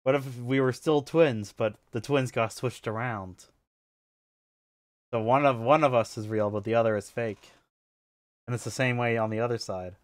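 A man's voice: mid-range voice, fairly even intonation, moderate pace, pauses often, no room sound. A male tabletop player talking casually in a middle register. He rambles eagerly through his theories. The recording is close and dry.

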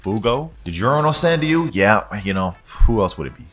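A young man giving casual, slangy gameplay commentary, excitable and quick to repeat himself. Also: deep voice, soft background music. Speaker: gaming video host.

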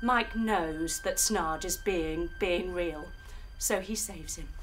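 A woman telling a guided yoga story for children, playful and animated with sound effects. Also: on the low side, slow, music in the background. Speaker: kids' yoga instructor and storyteller.

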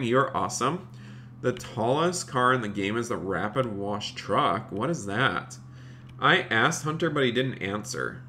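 A man's voice: medium pitch, bright, forceful tone, a little hiss or hum. A man live-streaming a game, chatty, thanking viewers by name and talking to "you guys" a lot. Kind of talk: live-streamed gameplay commentary.

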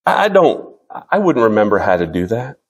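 A man in his fifties preaching a sermon as pastor, earnest, slowing down to read scripture and often restarting his sentences. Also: lowish voice, sing-song, slightly rough, muffled recording.

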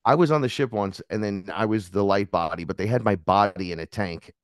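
A man guesting on a podcast, telling animated stories in casual chat, swearing freely and acting out the voices of people in his tales. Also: lowish voice, fairly quick, no room sound, studio quality.

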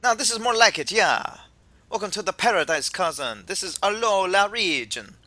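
A loud, laid-back island professor from a video game, as a man puts him on. He swings high and low with a bright, bouncy ring and keeps tossing in a friendly "yeah?". The delivery is casual and reads game text out loud. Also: lively intonation, moderate pace, no room sound. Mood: breezy. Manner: breezy, loud, ends lines with "yeah?". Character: upbeat island professor, male, middle-aged, laid-back. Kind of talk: voicing game dialogue in a let's play.

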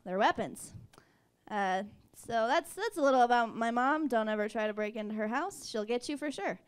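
A young woman performing a stand-up set, halting and self-deprecating, with lots of fillers. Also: on the high side, expressive, smooth. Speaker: stand-up comedian.

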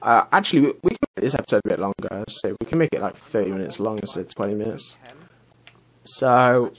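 A man's voice: fairly low pitch, lively intonation, fast talker. Chatty young gamer man. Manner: rambling, chatty, swears casually. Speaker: let's play host. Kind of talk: casual gaming commentary.

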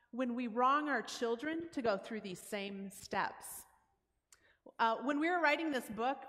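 A woman speaks as a guest in a church sanctuary, her voice fairly high and a bit bright. She talks conversationally, explaining steps plainly and acting out everyday dialogue, with long hall reverb around her.

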